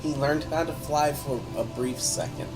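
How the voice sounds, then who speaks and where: A man's voice: on the high side, fairly even intonation, moderate pace, over loud music, poor audio. A man in casual banter, animatedly ribbing his fellow players. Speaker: tabletop game player on a podcast.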